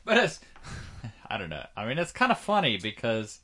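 A jokey man on a casual podcast whose voice leaps all over the place, from low mumbles to sudden high yelps. His tone is bright and forceful. He talks like a laid-back co-host tossing in gags. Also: wildly swooping pitch, moderate pace.

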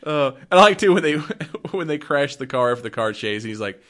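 A man's voice: on the high side, expressive, brisk, fairly bright tone. Rambling, chatty man recapping a film. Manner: rambling, filler-heavy storytelling. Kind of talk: casual movie recap chat.

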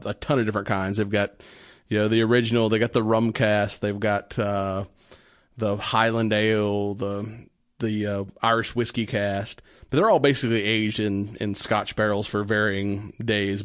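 A man co-hosts a casual podcast segment, talking in a loose, rambling way and often restarting his sentences. His voice sits low. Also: no echo, studio quality. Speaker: podcast co-host. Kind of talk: casual chat reviewing beer.

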